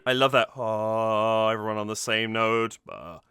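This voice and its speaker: A music reaction YouTuber analyses a song cover with enthusiasm, gushing with delight and humming or singing snippets of melody to explain his points. His voice is on the low side, expressive, and a little fast, with heavy background noise.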